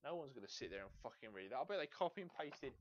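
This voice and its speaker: A man's voice: medium pitch, racing, a little hiss or hum. Ranting, swearing man, lo-fi. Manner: exasperated, swears constantly, animated rant. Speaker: gaming video host. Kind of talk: profane ranting review. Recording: dull lo-fi home recording.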